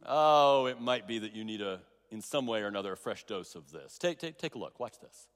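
A middle-aged pastor preaches a sermon, telling stories with restarts and emphatic repeats. His voice is medium-pitched and clean, with lively intonation and a slightly quick pace. The long reverb of a large hall surrounds the recording.

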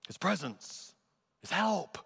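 High, bright-voiced preacher in an echoing church. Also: male voice, very animated, slow, vocal fry, slightly rough. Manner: dynamic preaching, swinging from loud emphatic peaks to soft low asides. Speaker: pastor. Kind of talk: sermon. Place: large church auditorium. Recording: echoey sanctuary with long reverb.

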